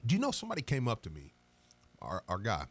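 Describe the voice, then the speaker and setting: A man's voice: lowish voice, fast, breathy edge. A man co-hosting a sports radio show in a studio, telling stories in casual banter and laughing as he goes. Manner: animated, laughing storyteller. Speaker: radio co-host.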